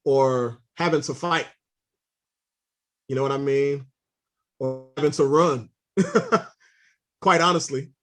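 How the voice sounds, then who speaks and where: A man answers interview questions in a thoughtful, measured way. He speaks very slowly, leaving space between his phrases, at a mid-range pitch. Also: a bit bright, faint music behind. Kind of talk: reflective podcast interview answer.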